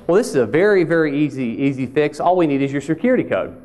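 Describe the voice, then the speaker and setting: A man's voice: on the high side, lively intonation, fast talker, a little mellow, natural voice. A man voicing a polite female phone agent from an alarm company, speaking in a courteous, patient customer-service tone.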